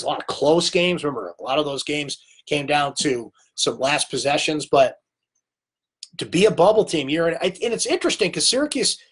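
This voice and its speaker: A man's voice: fairly high pitch, a bit bright, slightly rough. A man with a cold hosting a live sports recap, talking conversationally and answering viewer comments by name. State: has a cold. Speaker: sports talk host.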